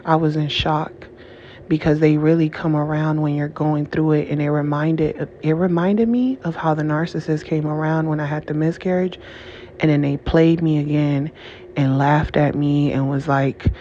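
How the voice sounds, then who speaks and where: A woman speaks to her viewers in a heated, emotional monologue, repeating herself and breaking off mid-sentence. Her voice stays level and flat in tone. The recording is dull and lo-fi with a faint hiss behind it. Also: low-pitched, moderate pace. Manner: angry, repetitive, restarts often, curses. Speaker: channel host.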